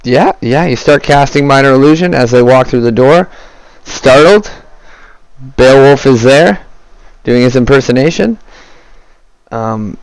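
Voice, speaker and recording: A man's voice: mid-range voice, lively intonation, a little slow, long pauses, smooth, no room sound, poor audio. A man narrating as the game master of a tabletop game, loosely and with many fillers.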